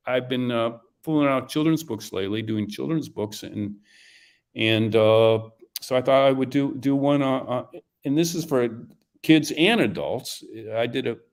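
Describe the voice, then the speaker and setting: A man being interviewed as an author and publisher, talking casually and haltingly with many restarts. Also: mid-range voice. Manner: halting, full of restarts and fillers.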